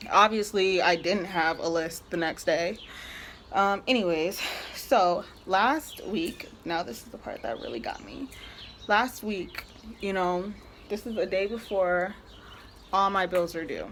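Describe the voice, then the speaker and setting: A woman's voice: lowish voice, unhurried, a bit bright, slight background noise. A young woman telling a story in a casual, exasperated rant, peppered with filler words. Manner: chatty, exasperated, heavy use of "like". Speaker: vlogger.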